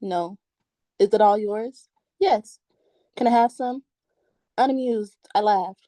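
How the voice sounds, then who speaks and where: A woman performing spoken word poetry at an open mic over a video call, giggly when chatting and measured when reciting. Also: medium pitch, dark tone, no room sound.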